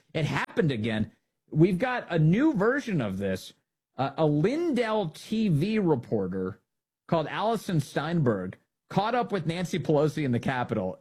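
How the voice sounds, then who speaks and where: Man, husky voice, mocking political commentary, sarcastic host. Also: mid-range voice, a little mellow. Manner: mocking, laughs at his own jokes. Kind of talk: opinionated commentary on news clips.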